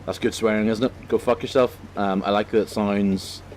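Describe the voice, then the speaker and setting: A man from Northern Ireland, with a lowish, steady voice at normal speed, gives rambling let's-play commentary as a gaming commentator. His casual talk is packed with fillers and cheerful swearing, over slight background noise.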